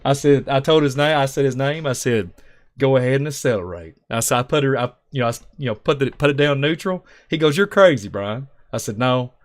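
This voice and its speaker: A man telling stories on a talk show, emphatic and rambling, acting out the voices of people in his stories. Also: medium pitch. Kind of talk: animated storytelling on a talk show.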